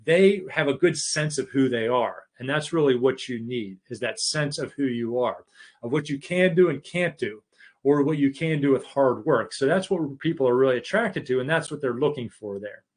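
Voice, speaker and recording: A man's voice: medium pitch, lively intonation, moderate pace. A middle-aged man giving a conversational leadership masterclass, restarting phrases often and acting out short bits of dialogue. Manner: conversational, many restarts, acts out quoted dialogue. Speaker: keynote speaker on leadership. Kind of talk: live masterclass talk.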